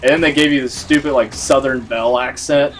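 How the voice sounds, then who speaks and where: A man's voice: medium pitch, fairly even intonation, brisk, a bit bright, a little hiss or hum. A man giving casual let's-play commentary, rambling and filling his talk with "like". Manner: rambling, full of "like" fillers. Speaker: gaming video host.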